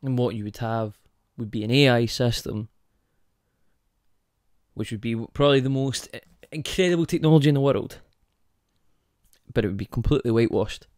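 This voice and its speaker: A man hosting his own podcast, thinking out loud in a casual monologue. His pitch sits in an ordinary middle range, and he keeps drifting into tangents and stopping to ask listeners whether they follow him. The close mic gives a dry sound with no room echo. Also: a little fast, pauses often. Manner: rambling, goes off on tangents, asks rhetorical questions. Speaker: podcast host.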